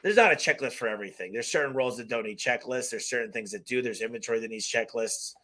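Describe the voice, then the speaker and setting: A man hosting a live question-and-answer stream, giving blunt, emphatic business advice and acting out little customer stories. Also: medium pitch. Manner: energetic, emphatic, blunt, with acted-out customer quotes; talks fast by his own account.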